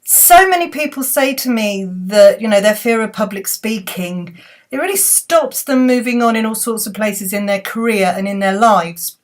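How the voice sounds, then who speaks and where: A woman's voice: mid-range voice, expressive, normal speed. A woman talking to her computer's webcam, giving friendly, chatty advice as a public speaking coach, with small restarts. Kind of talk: casual talk to camera giving advice. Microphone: computer webcam mic.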